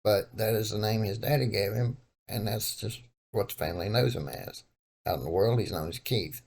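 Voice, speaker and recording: A man's voice: lowish voice, normal speed, vocal fry, a little mellow, breathy edge. A man from Texas with a Texan accent, telling a story to his viewers in a laid-back, meandering way. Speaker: vlogger. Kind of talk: casual storytelling.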